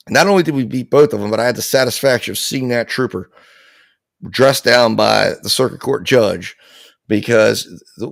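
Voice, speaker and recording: A man's voice: medium pitch, vocal fry, dry recording. A man casually telling a long personal anecdote on a live talk show. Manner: relaxed storytelling, lots of fillers.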